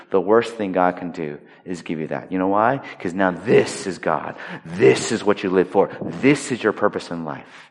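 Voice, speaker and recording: A male pastor giving a conversational, emphatic sermon, swinging between loud stressed lines and hushed quiet points. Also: low voice, animated, moderate pace, few pauses. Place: large hall. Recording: long reverb of a large hall.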